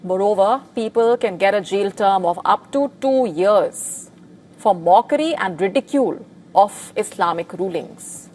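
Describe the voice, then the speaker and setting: A woman presenting a scripted news report in a measured, formal delivery. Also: mid-range voice, lively intonation, darkish tone, slight background noise.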